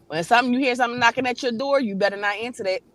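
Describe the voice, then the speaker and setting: A woman's voice: a little high, rapid-fire, a bit bright, dry recording. A woman, a panel guest in a casual livestream chat, talks in an emphatic, preachy and blunt way with some swearing. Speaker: guest on a spiritual talk panel.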